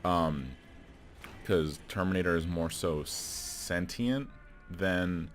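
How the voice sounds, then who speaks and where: A man's voice: low voice, takes it slowly, a little hiss or hum. A man talking casually to camera about a film, rambling with many fillers and restarts and chuckling between remarks. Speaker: video creator. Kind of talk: casual movie commentary.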